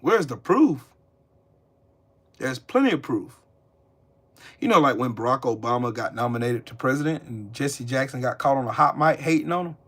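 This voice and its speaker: A man's voice: medium pitch, expressive, moderate pace, long pauses, fairly bright tone. A man hosting a live stream, ranting angrily and cursing as he talks back to his chat. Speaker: livestream host. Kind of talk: angry live-stream rant.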